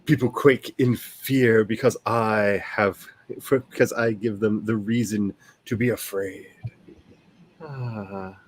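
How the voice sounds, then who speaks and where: A woman with a Southern US accent, an author chatting casually on a writing livestream, animated and self-mocking. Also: very deep voice, takes it slowly, slight background noise.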